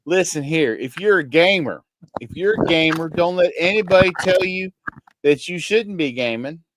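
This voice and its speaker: A man's voice: a little high, expressive, normal speed, background noise, lightly acted. Man putting on a thick country drawl. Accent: thick Kentucky country. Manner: drawling, folksy, preachy. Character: folksy country man preaching homespun advice.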